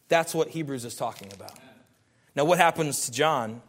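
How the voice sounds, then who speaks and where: A man's voice: a little high, moderate pace. A man preaching a sermon, reading scripture aloud and building emphatic lists of repeated phrases. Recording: long hall reverb.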